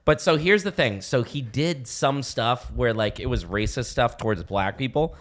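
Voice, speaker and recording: A man co-hosting a late-night chat, an excitable storyteller who swears freely. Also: mid-range voice, moderate pace. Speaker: podcast co-host. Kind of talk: casual chat.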